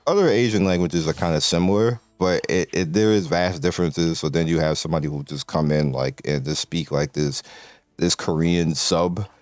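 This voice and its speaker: A man's voice: low-pitched, moderate pace, no room sound. A man from the United States chatting casually as a gaming video creator, rambling with lots of fillers and restarts and laughing often.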